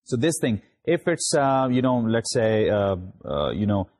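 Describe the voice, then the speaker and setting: A man with a Pakistani English accent giving a university grammar lecture, halting, with many fillers and restarts. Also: mid-range voice, big pitch swings, a little mellow. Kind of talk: recorded lecture recap.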